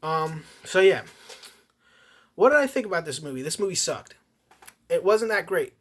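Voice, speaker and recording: Bright-voiced swearing movie reviewer man. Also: a little high, big pitch swings, normal speed. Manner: profane, ranting, heavy swearing; rambling with frequent restarts. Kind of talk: casual rambling review.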